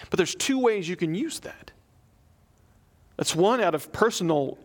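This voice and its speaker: A man's voice: high-pitched, expressive, measured pace, long pauses. A young adult man preaching a sermon, reading a prayer aloud and telling a story in an earnest, conversational way. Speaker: pastor.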